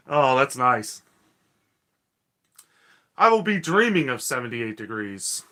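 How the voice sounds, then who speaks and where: A man's voice: mid-range voice, big pitch swings, slow pace, long pauses, bright, forceful tone. A man hosting a casual live-stream chat, reading viewer comments aloud and ranting.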